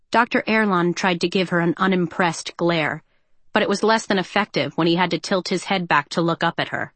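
Low-voiced woman narrating a story. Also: fairly quick, fairly bright tone, no room sound. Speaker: audiobook narrator. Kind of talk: scripted narration.

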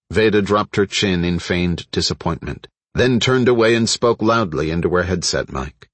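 Man, audiobook narration, measured, deep, breathy edge. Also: no echo. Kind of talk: scripted narration.

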